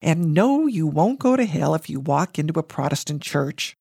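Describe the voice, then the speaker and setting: A no-nonsense mother brushes off worries in a low, dismissive, matter-of-fact tone, read out by a woman narrator. The voice is deep for a woman and sits in a dry, close recording. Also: sing-song, moderate pace, vocal fry, mellow, slightly rough, dry recording, full character voice. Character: brisk, scornful, no-nonsense mother.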